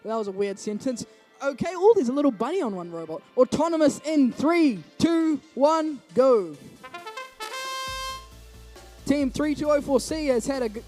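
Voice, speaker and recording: A young man commentates a robotics match with jokey, rambling quips. His voice is strikingly high for a man. Faint music plays behind him. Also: expressive, moderate pace, darkish tone. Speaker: event commentator.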